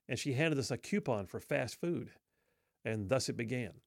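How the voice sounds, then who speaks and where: A middle-aged man with a drawl tells a funny story on himself, folksy and wry. His voice sits at an ordinary pitch, recorded close and dry with no room around it. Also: normal speed, gravelly, dry recording. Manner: wry, self-deprecating, folksy. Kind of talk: humorous personal storytelling.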